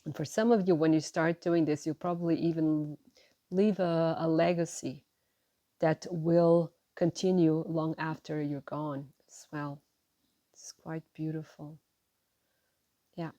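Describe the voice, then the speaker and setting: A woman giving a gentle, encouraging tarot reading to her viewers, often checking in with "right?" and "you know". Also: sits low, steady tone, measured pace, no room sound. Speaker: tarot reader.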